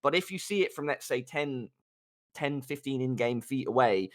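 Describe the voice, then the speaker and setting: A man's voice: lively intonation, moderate pace. A man talking casually about tactics on a live gaming show, swearing and ranting at times. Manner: swears a lot, rants with rising pitch. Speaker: guest pro player.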